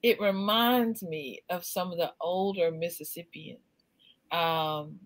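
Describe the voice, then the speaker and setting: A woman hosting a casual conversation, speaking in a relaxed, reflective way. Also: on the low side, takes it slowly, poor audio. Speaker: host.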